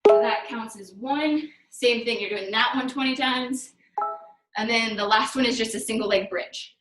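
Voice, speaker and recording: A woman's voice: a little high, normal speed, a bit bright. Woman coaching a workout class, echoey room. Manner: instructive, cueing exercises while demonstrating. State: out of breath. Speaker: fitness instructor. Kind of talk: live online workout class. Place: room at home during video call. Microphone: video call.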